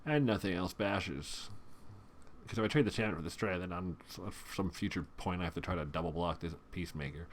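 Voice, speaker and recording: A man's voice: deep voice, brisk. Groaning, wry male game commentator. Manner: self-mocking, groaning, jokey asides. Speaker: gaming video host. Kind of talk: casual gameplay commentary.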